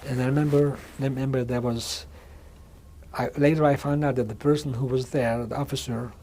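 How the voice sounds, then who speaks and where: A man in his sixties giving a measured oral history testimony in an interview, often restarting and repeating words as he speaks. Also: medium pitch, fairly even intonation, dark tone, slight background noise. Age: 60s. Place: museum interview room.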